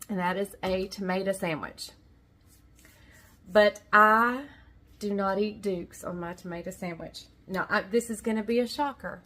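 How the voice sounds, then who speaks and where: A middle-aged woman from the Southern United States, with a Southern American accent, tells a rambling, folksy story in a casual kitchen vlog shot in her home kitchen. Her mid-range voice is a bit bright, with lively intonation and a moderate pace.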